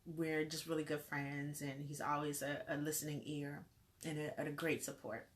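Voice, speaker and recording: A woman's voice: low voice, level tone, normal speed, a little hiss or hum. A woman life coach giving an earnest, faith-filled motivational talk to camera, repeating phrases in rolling lists. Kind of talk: motivational vlog.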